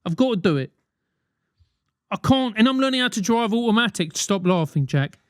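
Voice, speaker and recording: A man's voice: high-pitched, expressive, moderate pace, smooth, no room sound, clean studio sound. A man in his forties hosting a solo podcast, ranting animatedly with swearing and mock voices. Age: 40s. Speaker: podcast host.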